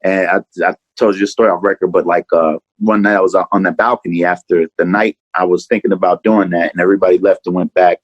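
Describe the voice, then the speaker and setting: A man's voice: low voice, fairly even intonation, fast talker, few pauses, no echo, lo-fi sound. A man from Atlanta, a rapper speaking as an interview guest in a rambling, profane way, full of "man" and "you know.". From Atlanta, USA. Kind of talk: candid interview talk.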